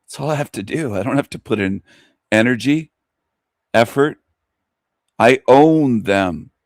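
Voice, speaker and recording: A man hosting an online radio show, boastful and taunting in a drawn-out way. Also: medium pitch, dry recording, studio quality. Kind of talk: casual online radio talk.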